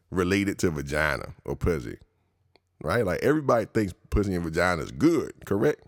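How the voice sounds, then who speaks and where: Low raspy-edged dude doing his podcast bit, cussing and cracking himself up, dry sound. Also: sing-song, fairly quick, no echo. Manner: slangy, profane, laughing at his own riffs. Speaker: podcast host. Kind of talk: casual comedic monologue.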